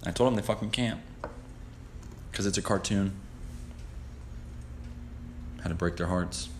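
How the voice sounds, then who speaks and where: A man hosting a podcast in casual chat, talking in a profane, rambling, excitable way. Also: deep voice, unhurried, slight background noise. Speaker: podcast host.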